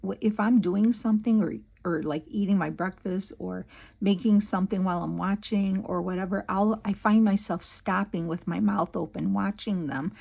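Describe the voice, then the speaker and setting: A woman's voice: medium pitch, gravelly, warm tone, slightly rough. A woman hosting a crafting video, chatting casually and giggling as she works, with many fillers. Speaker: crafting channel host. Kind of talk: casual craft tutorial chat.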